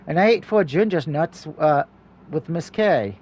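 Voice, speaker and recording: A man with a high, light voice reads a story game aloud for his viewers. He keeps a steady reading pace, then slips into quick, jokey asides of his own before going back to the text.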